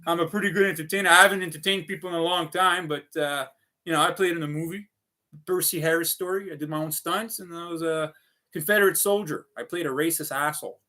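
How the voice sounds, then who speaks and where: A man talks straight to his viewers in a loose, rambling livestream. His voice sits a bit high with a sharp, bright edge. He curses freely and strings thoughts together with constant fillers. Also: fast. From Canada. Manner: profane, restless, full of fillers.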